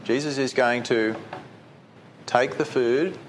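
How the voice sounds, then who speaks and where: A man delivers a sermon at a middle pitch and talks it through the way he would in conversation. He keeps asking his listeners questions. A faint noise runs under his voice. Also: slow pace. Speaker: preacher.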